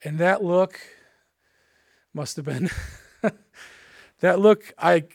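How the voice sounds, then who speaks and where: A man's voice: high voice, drawn-out words, gravelly, dry recording, studio quality. A man preaching a sermon, earnest and emphatic, with casual asides to his listeners.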